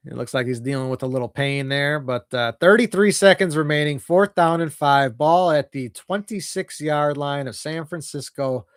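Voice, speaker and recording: A young man giving nervous, excitable fan play-by-play of a football game, his voice jumping during big plays. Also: mid-range voice, dry recording, studio quality. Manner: nervous, excitable, voice jumps when plays unfold. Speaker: fan commentator.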